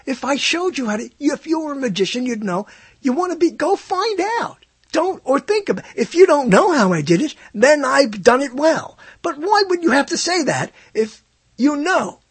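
A man's voice: normal speed, no room sound. An older man rambling through a musing monologue, his voice swooping up sharply on questions. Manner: animated, swoops up in pitch for questions. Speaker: speaker musing to listeners.

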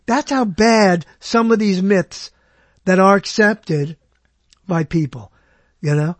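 A man co-hosting a talk show, chatting casually in an excitable, animated way with frequent laughter. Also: high voice, takes it slowly, long pauses, dry recording. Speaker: podcast co-host. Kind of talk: casual banter.

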